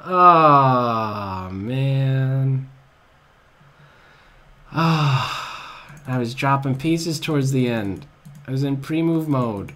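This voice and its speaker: A man giving live commentary on his own blitz chess game, excitable and groaning at his own blunders, at a desk microphone. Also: mid-range voice, very slow, pauses often.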